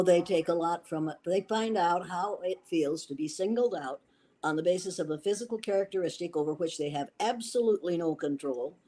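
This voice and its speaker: A woman's voice: fairly low pitch, mellow. An older woman being interviewed as an educator, telling stories in an emphatic, assured way. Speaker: guest educator. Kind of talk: interview answers.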